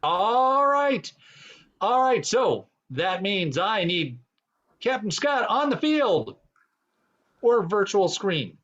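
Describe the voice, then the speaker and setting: A man's voice: high-pitched, sing-song, takes it slowly, fairly bright tone, dull audio. A man hosting an online improv game show over a video call, teasing and hesitant with many ums.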